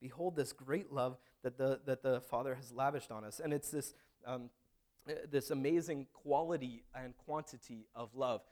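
A man's voice: medium pitch, normal speed, darkish tone. A man preaching a sermon in a conversational, storytelling way, with frequent restarts. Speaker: pastor.

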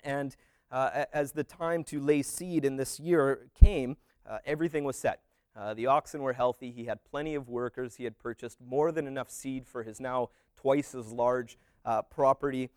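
A man tells a parable as an unhurried story. He rambles and restarts, and he leans on fillers as he goes. His voice sits at an ordinary middle pitch, recorded close and dry. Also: fairly even intonation, a little mellow, smooth, no room sound.

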